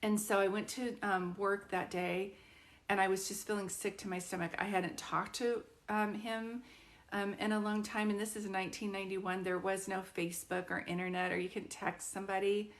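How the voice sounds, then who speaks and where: A woman's voice: medium pitch, level tone, moderate pace. Chatty woman in her fifties, storytelling. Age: 50s. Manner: chatty, with frequent fillers and restarts. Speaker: psychic medium. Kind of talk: casual personal storytelling.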